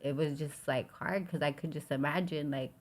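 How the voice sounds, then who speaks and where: A woman from Los Angeles with a low voice, speaking openly as a guest on a podcast. She tells a personal story in a loose, casual flow that is full of "like" and "you know." Her talk sounds heartfelt and unpolished. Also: fairly even intonation, normal speed. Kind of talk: candid personal recovery story.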